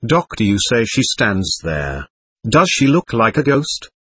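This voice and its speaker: A man voicing a patient doctor at a séance, talking in a measured, reasoning, admonishing way with a husky voice. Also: medium pitch, big pitch swings, a bit bright, no echo, heavily acted.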